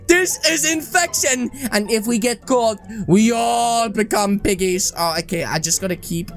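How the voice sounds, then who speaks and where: A man with a notably high voice talks through a video game in an excitable, jokey way. He often breaks into yelps and shouts. Game music plays clearly behind him. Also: normal speed. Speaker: gaming YouTuber. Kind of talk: energetic gameplay commentary.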